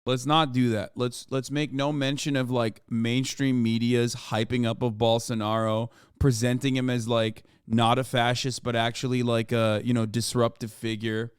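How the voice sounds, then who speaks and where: A man's voice: medium pitch, flat delivery, normal speed, few pauses, clean tone, dry recording, studio quality. A man streaming casual commentary as he reacts to news clips, sarcastic and profane.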